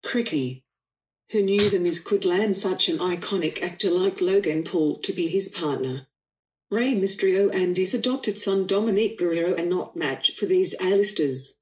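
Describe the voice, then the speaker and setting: A woman's voice: lowish voice, a little slow. Synthetic Australian woman's bot voice. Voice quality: synthetic, flat text-to-speech delivery. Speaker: text-to-speech prediction bot. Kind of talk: synthetic read-out prediction. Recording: roomy and distant playback.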